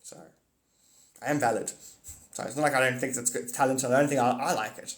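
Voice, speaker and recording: A man ranting casually on a livestream, rambling and profane, swinging from mutters to excited outbursts. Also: mid-range voice, brisk, creaky. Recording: echoey room.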